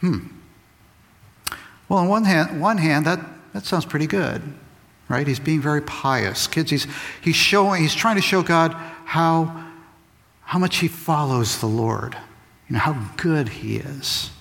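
A man giving a lively, conversational Bible lesson to kids. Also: a little high, a little slow, creaky, long pauses. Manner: lively, conversational, acts out quotes. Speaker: Bible teacher. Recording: long reverb of a large hall.

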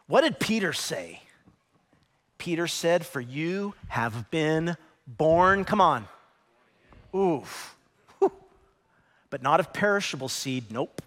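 Man pastor preaching in a big church hall, high voice jumping all over, long echo. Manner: preaching with dramatic pitch swings, swelling to shouts. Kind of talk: sermon. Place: church auditorium. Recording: large hall reverb.

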